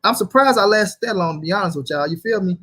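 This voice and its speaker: A man's voice: high-pitched, animated, quick pace, bright, forceful tone, husky. A man hosting a casual livestream, reading chat aloud and arguing in a heated, profane way. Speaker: host.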